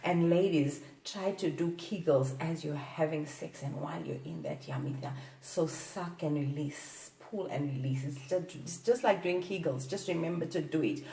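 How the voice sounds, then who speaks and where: A woman's voice: deep voice, animated, normal speed, hardly any pauses, mellow, distant mic. Giggly woman talking sex tips, roomy echo. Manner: giggly, playful, breathy exclamations. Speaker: host. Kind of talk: casual sex-advice talk. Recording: echoey room, off-mic.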